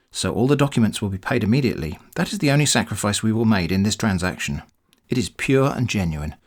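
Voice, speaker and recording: A man voicing a pushy, testy elderly male bank officer who is running a scam, reading the scam emails aloud. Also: on the low side. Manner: insistent, testy, keeps calling you brother.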